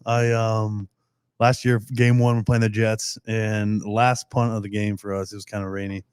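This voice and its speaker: A man, a football player guest, chatting casually on a podcast and telling animated stories. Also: fairly low pitch, moderate pace, clean tone, no echo. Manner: animated storytelling with acted-out quotes. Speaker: pro football long snapper guest.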